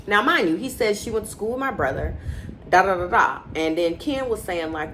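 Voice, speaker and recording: A woman recapping a reality show in casual, opinionated chat, acting out quotes with animated inflection. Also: mid-range voice, moderate pace, a little hiss or hum, rough recording.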